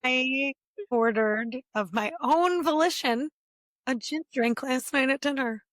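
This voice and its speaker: A woman's voice: high-pitched, slow, a bit bright, no room sound. A woman from just outside Philadelphia with a Philadelphia-area accent, a mother co-hosting a casual chat in a wry, teasing way. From Delaware County, near Philadelphia. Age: adult, parent. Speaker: podcast co-host.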